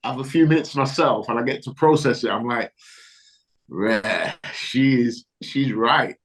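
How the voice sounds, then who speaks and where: A man's voice: mid-range voice, poor audio. Man chatting casually as co-host. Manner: conversational, quick to agree, fires off follow-up questions. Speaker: podcast co-host. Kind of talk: casual chat.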